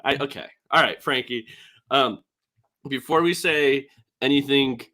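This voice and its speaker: A young man hosting a casual sports podcast with a bright, forward tone. He talks in a relaxed, meandering way, filling gaps with um and like. His energy drops low and soft as he winds things down. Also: unhurried. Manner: laid-back, trails off with many fillers and likes. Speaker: podcast host.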